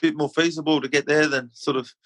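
A man's voice: a little high, fairly even intonation, a little fast, a bit bright, dry recording, rough recording. An Australian man chatting casually as a podcast guest, laid-back and easygoing. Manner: laid-back, says mate a lot. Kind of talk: casual chat.

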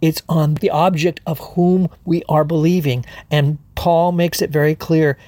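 A man's voice: fairly high pitch, fairly even intonation, a little slow, few pauses, warm tone, no echo. Man preaching an expository sermon. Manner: expository, explains Greek words, rhetorical questions; fillers and restarts. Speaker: pastor.

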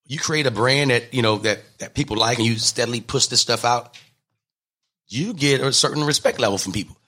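A man, a comedian, telling animated stories in an interview, acting out the people he quotes. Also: medium pitch, fairly quick. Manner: lively, acts out quotes in different voices. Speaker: comedian and guest.

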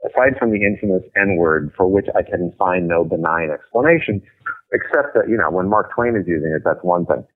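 Deep-voiced blunt man over a phone line. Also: lively intonation, brisk. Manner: blunt, profane, emphatic. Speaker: guest author. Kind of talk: casual interview chat.

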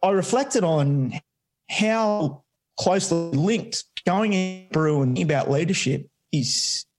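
A man in his forties with an Australian accent, telling stories in a relaxed, rambling way as a podcast guest. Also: sits high, slow pace, music in the background. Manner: relaxed, rambling, many restarts and "you know"s. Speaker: guest, army veteran and coffee business owner. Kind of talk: casual storytelling chat.

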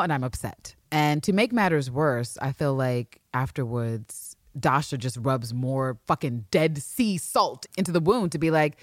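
A woman co-hosting a podcast, recapping a TV episode in a casual, animated, profane way and acting out the characters' lines. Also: lowish voice, no echo, clean studio sound. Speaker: podcast co-host.

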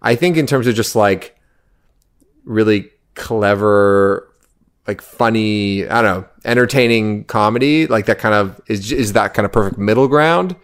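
A man's voice: lowish voice, unhurried, smooth. A man co-hosting a casual podcast chat, hesitant and full of fillers and restarts.

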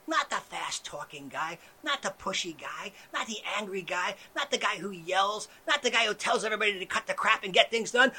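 A man hosts a satirical comedy monologue in a bright, sharp voice whose pitch leaps all over the place. He keeps swinging between soft, hushed mellow talk and sudden yelling, all played with heavy irony. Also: sing-song, moderate pace, few pauses, husky. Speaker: show host.

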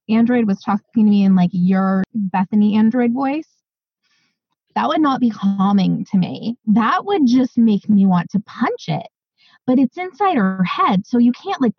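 A woman co-hosting a podcast in easy, excited chat, full of fillers and asides. Her voice is husky and breathy, and the sound is dry and a little muffled. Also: on the high side, no echo. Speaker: podcast co-host. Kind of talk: casual chat.

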